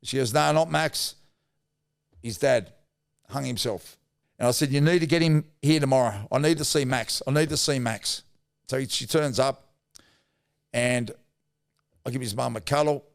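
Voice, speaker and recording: A man's voice: mid-range voice, vocal fry, dry recording, clean studio sound. A middle-aged Australian man, once a rugby league player, telling emotional stories in a rambling, heartfelt way as a podcast guest. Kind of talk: emotional storytelling in casual chat.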